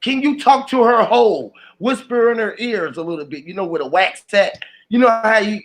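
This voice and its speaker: Casting: man, high voice, loose drawling comic storyteller who rambles and quotes people. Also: normal speed.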